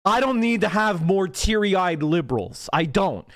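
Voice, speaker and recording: A man's voice: sits high, lively intonation, a little slow, no echo, studio quality. Fiery, profane man ranting on stream. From Pennsylvania. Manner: angry, profane, emphatic. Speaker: political livestream host. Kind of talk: heated livestream rant.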